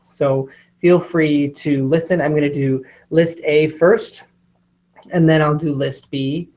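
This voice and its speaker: A woman teacher explaining spelling lists, sounding out words slowly and carefully. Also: deep voice, fairly even intonation, dark tone. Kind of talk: instructional explanation.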